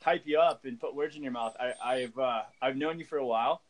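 A man's voice: mid-range voice, a little fast, low-quality recording. A man hosting a casual podcast, rambling with lots of fillers and jokes. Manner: rambling, filler-heavy, joking. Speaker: podcast host.

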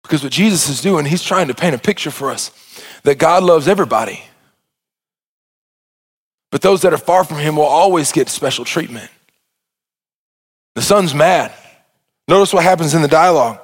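A man preaching a sermon in a church, animated and joking with the congregation. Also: fairly high pitch, normal speed, long pauses. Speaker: pastor.

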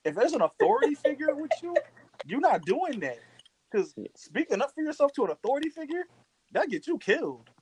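A man's voice: extremely high pitch, sing-song, fairly quick, a little mellow, a little hiss or hum, poor audio. A man from Virginia, a podcast co-host, joking and swearing in casual chat.

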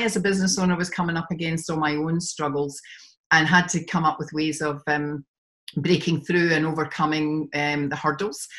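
A woman's voice: low-pitched, a bit bright. A Glaswegian woman in her fifties, a business coach chatting as a podcast guest, with many ums and frequent laughs. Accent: Scottish, Glaswegian. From Scotland. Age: 50s. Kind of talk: podcast interview.

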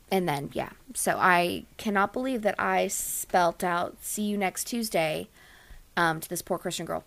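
A woman's voice: mid-range voice, normal speed, gravelly. A young woman co-hosting a podcast, telling a story in a casual, dramatic way and acting out what people said. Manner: animated, dramatic storyteller who acts out quotes. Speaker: podcast co-host.

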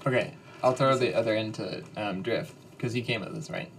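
A man's voice: fairly low pitch, vocal fry, slight background noise. A man playing a tabletop role-playing game, chatting casually with playful banter. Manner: quick, playful banter with laughs. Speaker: player.

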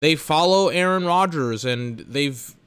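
A man's voice: on the high side, expressive, a little slow, a bit bright, clean tone, no echo. A young man hosting a solo podcast, ranting in exasperation about his schedule and swearing freely. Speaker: podcast host.

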